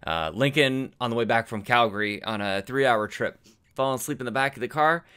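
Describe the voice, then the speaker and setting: A man's voice: mid-range voice, brisk, pushed and bright, clear, resonant tone. A man co-hosting a gaming podcast, chatting casually and telling rambling, effusive stories. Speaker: podcast co-host.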